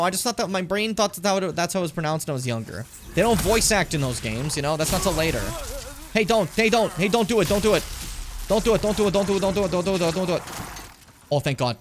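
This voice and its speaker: Young male streamer, lively swinging delivery, chatty and profane, talking to chat mid-game. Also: a little high, a little hiss or hum. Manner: chatty, swears a lot, talks to chat. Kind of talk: casual gameplay commentary.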